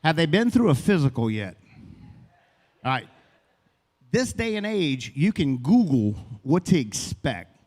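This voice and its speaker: A man's voice: on the high side, big pitch swings, a little slow, long pauses, darkish tone, long reverb tail. Folksy fifties man telling stand-up stories. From Louisiana. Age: 50s. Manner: rambling, folksy, long-winded. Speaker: open mic comedian. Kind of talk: stand-up storytelling. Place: comedy club stage.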